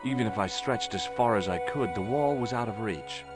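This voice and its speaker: A man's voice: fairly low pitch, moderate pace, close to an everyday voice. An actor playing a wry young male adventurer who narrates his own exploits in a dry, matter-of-fact way. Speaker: game protagonist narrating. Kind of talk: scripted game voice acting. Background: game music.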